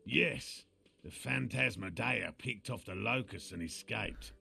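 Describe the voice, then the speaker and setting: A man's voice: on the low side, takes it slowly, gravelly, sharp tone, slightly rough, exaggerated voice. An actor playing an earnest male cryptozoologist in a game, speaking formally and with measure. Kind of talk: game voice acting.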